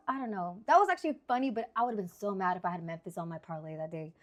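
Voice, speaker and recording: A woman in her thirties chatting through her sports picks in an animated, rambling, exclamatory way. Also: mid-range voice, quick pace. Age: 30s.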